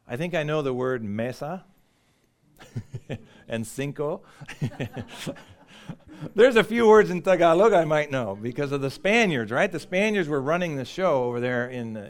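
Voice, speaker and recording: A middle-aged American man preaching, mixing a personal story with lively, conversational emphasis and occasional laughs. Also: a little high. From United States.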